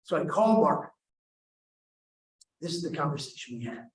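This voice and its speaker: A man's voice: fairly high pitch, big pitch swings, normal speed, long pauses. A man telling a personal story at a summit, wry and self-mocking, with humorous asides. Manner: wry, self-mocking, acts out quoted voices. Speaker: summit speaker. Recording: echoey hall from far off, faint noise.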